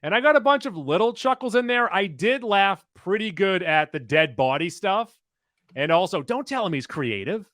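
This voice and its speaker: A man co-hosting a casual podcast chat, reading out rankings in a steady, list-like way. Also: high-pitched, moderate pace, dry recording, studio quality. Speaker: podcast co-host.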